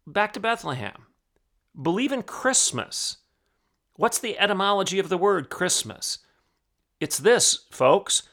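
A man's voice: high voice, lively intonation, measured pace, pauses often, fairly bright tone. A man hosting a podcast, preaching in emphatic, repetitive declarations. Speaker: podcast host.

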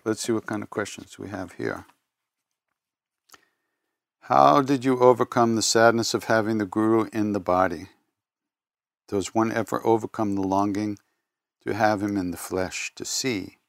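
An older man giving a spiritual talk, telling personal stories in an unhurried, reflective way with pauses and self-corrections. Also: lowish voice, steady tone, vocal fry, dry recording. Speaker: spiritual teacher.

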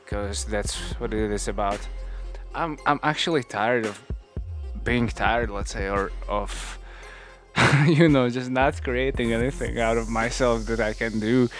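Young guy, not a native english speaker, picked up a north american twang, rambling slow and low over some quiet music. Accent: non-native English with North American touches. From small industrial town in a former communist country. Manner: rambling, slangy, laughs to himself. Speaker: vlogger. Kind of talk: casual rambling monologue. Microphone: new home microphone.

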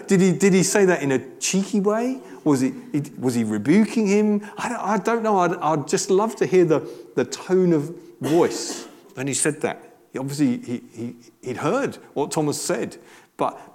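A man's voice: on the high side, animated, moderate pace, a little mellow. A man giving a conversational, earnest sermon with frequent restarts. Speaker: preacher.

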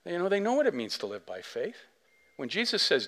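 A man preaching a sermon as pastor, telling a story in a chatty way with lots of asides, dropping to a hush and then swelling to near shouts. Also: sits high, rapid-fire. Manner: animated storytelling, big swings from soft to loud; conversational, many fillers and asides.

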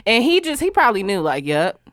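Animated, profane woman podcast co-host. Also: medium pitch, normal speed, dry recording, studio quality. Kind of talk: candid casual chat.

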